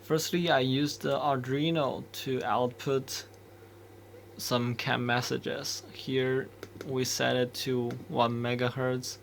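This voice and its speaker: A man talks slowly through a coding walkthrough, pausing and restarting as he works things out. His voice is gravelly and flat in pitch, with a faint hiss of noise behind it. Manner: slow, hesitant, thinking aloud with restarts. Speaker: embedded developer explaining code. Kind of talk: screen-recorded coding walkthrough.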